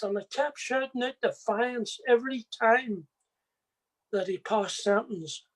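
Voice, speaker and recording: A man's voice: very high-pitched, a little slow. A man giving a personal faith testimony, telling his story plainly and speaking straight to his listeners.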